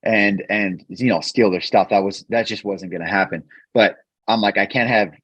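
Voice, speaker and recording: Low-voiced man telling his recovery story. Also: fairly even intonation, a bit bright, slightly rough, dry recording. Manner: earnest, halting, repeats words when emotional. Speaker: podcast guest. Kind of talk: candid personal storytelling. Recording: dull, dry podcast mic.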